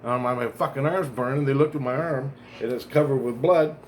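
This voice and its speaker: A man's voice: medium pitch, a little fast, slight background noise. A man vlogging, telling a long personal story in a rambling, profane way, often restarting and correcting himself. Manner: profane, digressive, self-correcting.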